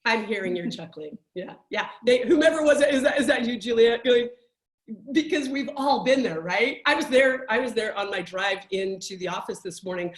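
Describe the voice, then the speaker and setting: A woman life coach giving a conversational workshop talk, telling stories in a chatty, animated way with many restarts. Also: fairly high pitch, normal speed, echoey room.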